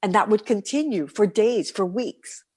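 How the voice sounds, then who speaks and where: A middle-aged woman from New City, a guest performer telling her stories in an interview, lively and vivid, sometimes dropping to a whisper. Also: mid-range voice, unhurried, breathy edge. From New York City. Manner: animated, vivid storyteller, breaks into soft whispers. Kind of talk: storytelling interview.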